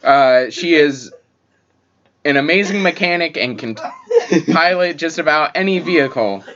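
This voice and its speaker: Higher-voiced man, hesitant podcast co-host. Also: expressive, unhurried, a bit bright. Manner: reads from a list with many ums, keeps the talk on track. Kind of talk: casual chat, reading notes. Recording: dull lo-fi audio with faint noise.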